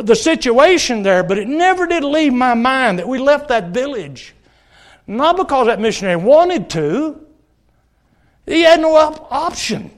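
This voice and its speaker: A middle-aged man preaching a sermon at a church service, telling stories and pleading earnestly with the congregation. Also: very high-pitched. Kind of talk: sermon with altar call.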